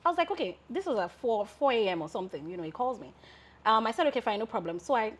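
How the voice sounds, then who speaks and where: A woman's voice: medium pitch, animated, fast, faint music behind. A woman in her thirties with a Nigerian accent, a lawyer and founder telling stories as an interview guest, often breaking into laughter. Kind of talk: casual interview storytelling.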